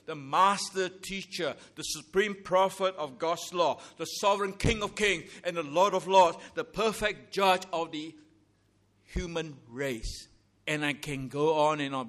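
A man preaches a church sermon in a fairly high voice. He builds to emphatic declarations and asks his congregation rhetorical questions. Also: bright, forceful tone. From Singapore. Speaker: pastor. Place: church sanctuary.

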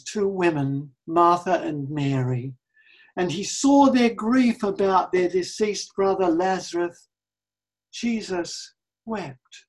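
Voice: medium pitch, lively intonation, takes it slowly, a little mellow. A pastor preaching a sermon, earnest and emphatic, with repeated phrases.

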